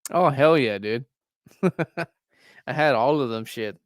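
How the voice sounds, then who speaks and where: A man hosting a laid-back livestream, talking in loose, rambling sentences full of "like" fillers. His voice is smooth and resonant, picked up close with no room sound, at a middling pitch. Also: slow, no echo. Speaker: livestream host. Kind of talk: casual chat.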